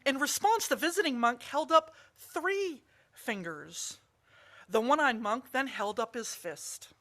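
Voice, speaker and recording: A woman narrating a parable during a worship service in an animated storytelling manner. Her voice is somewhat high and rings bright and forceful, with lively emphasis. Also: unhurried.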